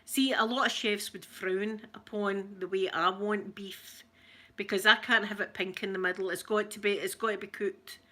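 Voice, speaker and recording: A woman's voice: mid-range voice, steady tone, moderate pace, pushed and bright. A woman with a Scottish accent hosting a casual live chat with viewers, telling stories and laughing often. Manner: chatty storyteller who laughs often. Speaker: livestream host.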